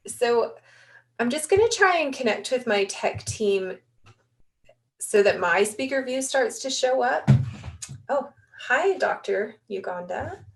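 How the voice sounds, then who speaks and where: A woman hosting a spiritual online session, speaking gently and meditatively over a video call. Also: a little high, very animated, slow, gravelly, slight background noise. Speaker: session host.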